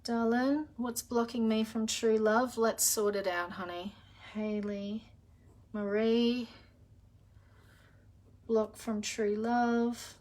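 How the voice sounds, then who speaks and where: A woman's voice: a little high, steady tone, slow pace, darkish tone. A middle-aged woman, hosting a live spiritual reading session in a chatty, affectionate way, calling viewers darling and honey with many filler sounds. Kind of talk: casual live-stream chat.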